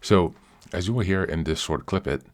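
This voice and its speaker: A man hosting a podcast, reading announcements and introducing a clip in a steady way. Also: low-pitched, normal speed. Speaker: podcast host.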